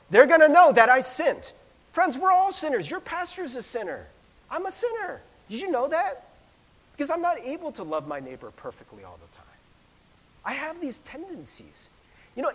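Animated high-voiced man preaching in a hall. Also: husky. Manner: chatty, asks the audience "right?" often, self-deprecating. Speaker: Bible teacher. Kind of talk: casual conversational sermon. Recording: long hall reverb.

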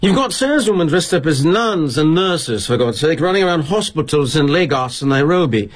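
Man putting on a sputtering young british guy, high pitched, husky edge, accusing. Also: expressive, a little fast. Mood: indignant. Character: young British male employee, indignant.

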